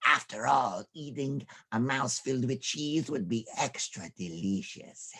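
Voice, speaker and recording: A man voicing a sly, hungry male cat in a storybook tale, speaking slowly and with relish. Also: medium pitch, sharp tone, breathy edge, heavily acted.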